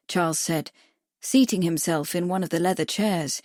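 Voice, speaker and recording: A woman narrating a mystery audiobook in a measured, even storytelling manner. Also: on the low side, no room sound, clean studio sound. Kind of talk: scripted narration.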